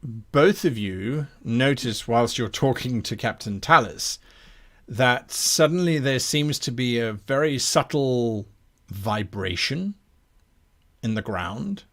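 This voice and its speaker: A man's voice: medium pitch, expressive, takes it slowly, a bit bright. Man narrating as game master.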